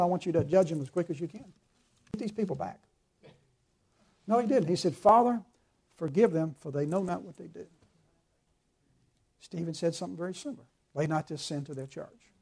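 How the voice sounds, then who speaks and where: A man preaching with earnest, emphatic conviction, quoting scripture as he goes. His voice sits a little high but sounds dark and mellow. He presses his points with steady fervor. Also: breathy edge. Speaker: pastor. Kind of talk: sermon.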